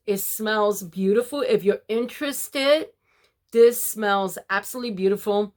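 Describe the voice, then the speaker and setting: An older woman, a grandmother, talking casually to her viewers about homemaking and faith, addressing them as ladies in a warm, preachy way. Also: medium pitch, moderate pace. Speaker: homemaking vlogger. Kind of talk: casual devotional talk to viewers.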